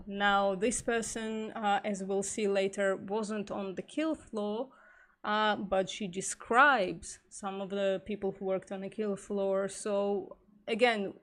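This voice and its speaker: A woman hosting a live stream, reading and commenting aloud in a halting, thinking-aloud way, her voice getting hoarse. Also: medium pitch, fairly even intonation, a bit bright. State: losing her voice. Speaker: vegan streamer.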